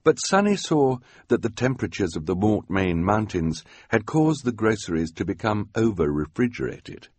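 Wry deep-voiced male narrator. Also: very animated, normal speed, few pauses, husky, no echo. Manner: dry, wry storytelling. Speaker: audiobook narrator. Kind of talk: scripted narration. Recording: dry studio voice-over.

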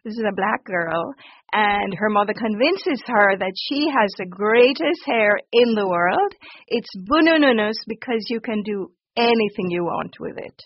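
A woman talks about her work with warm enthusiasm and frequent laughter. Her voice sits at a mid pitch and sounds close and dry. The audio is dull and lo-fi, like a broadcast clip. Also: expressive, measured pace, no room sound. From Jamaica. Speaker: children's author. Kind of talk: radio interview answers.

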